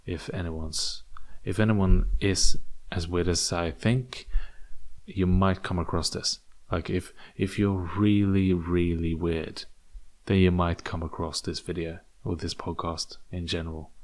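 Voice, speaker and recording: A man's voice: low-pitched, darkish tone. A young man from England with a British accent that slips into American, rambling and joking through a solo podcast with many restarts. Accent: British English with American slips. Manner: rambling, jokey, stammering restarts. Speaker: podcast host.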